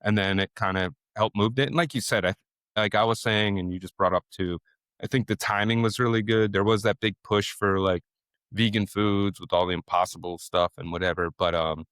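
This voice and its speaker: A middle-aged man with a low-pitched voice talks in a laid-back, chatty way as a chef being interviewed. He keeps slipping into lively quoted voices when he retells what people said to him. The sound is dry and close, with no room around it. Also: a little fast, clear, resonant tone, no echo. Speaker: chef and restaurant owner. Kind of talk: casual interview talk.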